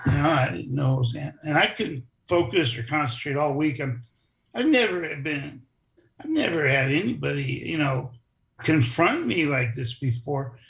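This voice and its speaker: A man telling stories in a casual interview, animated and acting out other people's lines. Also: on the high side, moderate pace, creaky. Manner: animated storyteller who acts out quoted voices. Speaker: interview guest, former wrestler.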